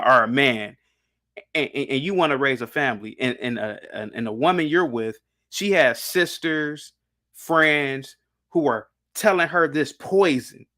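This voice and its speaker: A man's voice: fairly high pitch, fairly bright tone. A man speaking as a guest on a discussion panel, talking emphatically and rambling, with frequent restarts and repeated words. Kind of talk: casual opinionated discussion.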